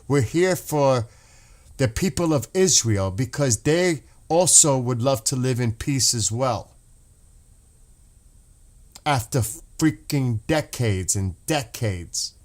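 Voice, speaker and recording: A man's voice: mid-range voice, lively intonation, slow, darkish tone. A man hosting a casual livestream, talking emotionally and passionately, swearing and restarting his sentences as he goes. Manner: rambling with restarts. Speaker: livestream host.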